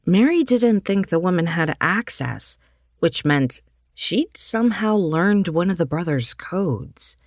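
A woman narrating an audiobook in a measured, steady reading. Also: on the low side, dry recording, clean studio sound.

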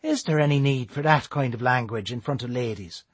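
A man voicing an older male postmaster who stays calm and dryly polite. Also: medium pitch, a little fast, husky, no room sound, lightly acted.

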